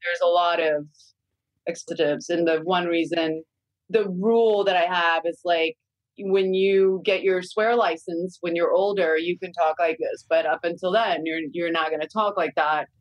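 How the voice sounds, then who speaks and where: A woman's voice: lowish voice, steady tone, moderate pace, no room sound, rough recording. A middle-aged woman guest chatting casually and candidly about raising her young kids, swearing freely. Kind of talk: casual podcast chat.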